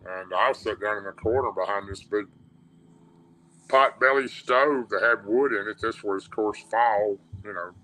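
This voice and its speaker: Bright-voiced Tennessee man telling his story. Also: lowish voice, normal speed, a little hiss or hum, low-quality recording. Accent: Southern US, Tennessee. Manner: plain-spoken, rambling, with restarts. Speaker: radio show guest. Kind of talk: telling a personal encounter story.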